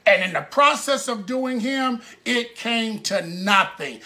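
A man delivers a sermon in a high voice, telling the story like a chat with the congregation. His tone is bright and forceful, and he slips into the voices of the people in his story. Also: animated, slow, few pauses. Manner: conversational storytelling preaching; acts out the people in his stories. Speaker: preacher.

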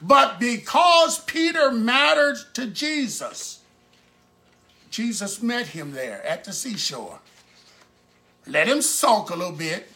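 A man's voice: high-pitched, sing-song, slow pace, sharp tone. A man preaching a sermon in a conversational storytelling way, acting out the people in his stories.

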